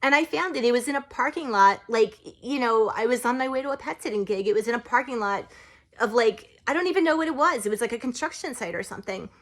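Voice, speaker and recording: A woman who practices witchcraft, talking in a casual, rambling vlog style, full of "like" and "you know" and quick to get emotional. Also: on the high side, expressive. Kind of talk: casual spiritual vlog talk.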